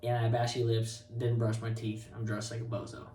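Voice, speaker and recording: A young man in his twenties telling a story to camera in a casual, animated, self-mocking way, laughing often. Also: lowish voice, a little fast, a little hiss or hum. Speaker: co-host of a couple's channel. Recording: roomy sound, mic a bit far.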